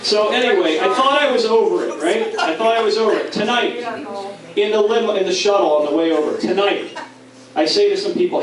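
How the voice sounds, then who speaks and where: A man's voice: sits high, fairly quick. A middle-aged man from Philadelphia telling a self-mocking story at a company dinner, acting out the other voices. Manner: playful, self-mocking, acts out quoted voices. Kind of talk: storytelling speech. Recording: distant, very echoey, noisy room mic.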